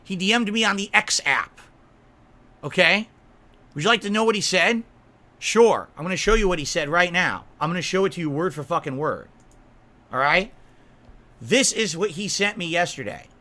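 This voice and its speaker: A man's voice: high voice, expressive, normal speed, long pauses, bright, forceful tone. A man on a livestream, ranting in an aggrieved, emphatic way, swearing and asking his viewers "right?" again and again. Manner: aggrieved, repeatedly asks "right?" and "okay?". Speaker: streamer.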